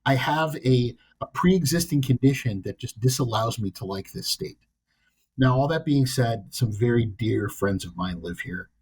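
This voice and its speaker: A man's voice: medium pitch, animated, normal speed, darkish tone, slightly rough. A man from the US East Coast co-hosting a podcast, telling a story in a blunt, wry, self-deprecating way. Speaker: podcast co-host. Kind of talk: casual chat.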